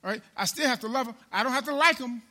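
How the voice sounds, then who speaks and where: A man preaching a sermon in call-and-response style. He repeats his phrases and swings between loud and soft. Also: very high voice, fast.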